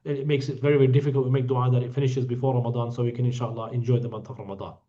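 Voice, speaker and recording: In dull lo-fi audio, a man with a medium-pitched, flat voice rattles off answers very quickly while guiding a hajj group through an online Q&A. He's blunt and teasing, joking with people and scolding them too.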